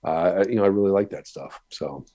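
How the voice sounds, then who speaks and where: A man with a very deep voice, from the Upper Midwest, chats as a podcast guest about his guiding work. He rambles, restarts and pokes fun at himself in an easy, unhurried way. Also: mellow, dry recording. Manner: rambling, self-deprecating, many restarts. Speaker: podcast guest, canoe guide and blogger. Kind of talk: casual interview talk.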